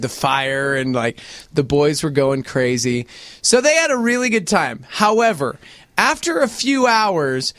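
A man in his forties in casual chat, an animated storyteller who acts out other people's voices and says "dude" a lot. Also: fairly high pitch, no room sound, studio quality.

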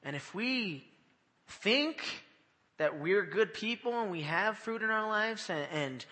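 A man preaching a sermon in a lively, conversational way, often checking in with his listeners. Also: sits high, takes it slowly. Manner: animated, conversational, often asks "right?". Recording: long hall reverb.

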